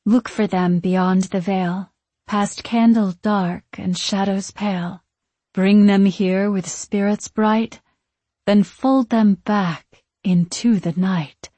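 A mysterious unseen spirit who chants a rhyming incantation slowly and deliberately, as a woman narrator puts it on. The voice is husky and slightly breathy, in a dry, close recording. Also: medium pitch, warm tone, no room sound. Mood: eerie.

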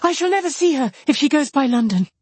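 A reader voicing a feverish young woman who talks wildly in a hurried, high voice. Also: expressive, no room sound. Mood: frantic.

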